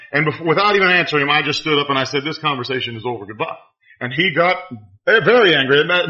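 Man, preacher, sermon, animated storytelling, sharp bright tone, dull lo-fi sound. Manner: animated storytelling, swings from loud exclamations to low asides.

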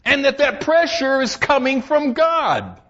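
A man preaching a sermon, emphatic and urging, reading scripture slowly and solemnly and dropping to low, intense tones. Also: sing-song, sharp tone, muffled recording. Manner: reads scripture in slow, solemn cadence.

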